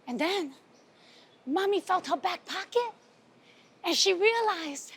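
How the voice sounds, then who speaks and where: A woman's voice: very high voice, slow, long pauses. A woman from Brooklyn, telling a solo monologue with streetwise energy and hosting a show outdoors. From Brooklyn, New York. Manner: streetwise, animated storytelling. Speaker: host and playwright. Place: outdoors in front of a cafe.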